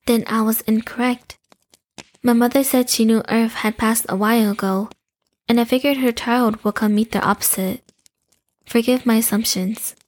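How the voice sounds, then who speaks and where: A woman voicing a young female shapeshifter in an audio drama, speaking in a calm, courteous and measured way. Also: on the high side, natural voice. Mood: wary.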